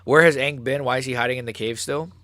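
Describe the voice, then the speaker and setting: A man putting on the voice of a patient father calmly lecturing his son. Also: medium pitch, fast talker, no echo, clean studio sound, close to an everyday voice.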